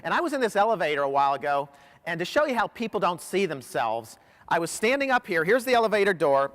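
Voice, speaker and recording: An American professional speaker gives a motivational keynote to a large audience in a big hall, telling animated stories and quizzing the crowd. His voice is fairly high and a bit bright, with big pitch swings and fast delivery, and long hall reverb is audible.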